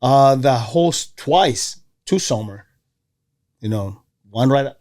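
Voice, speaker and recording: A man from Venezuela, a former baseball player, telling stories in a casual interview, animated and acting out the voices of others. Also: slow pace. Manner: animated, acts out quoted voices with jumps in pitch. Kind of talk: casual storytelling.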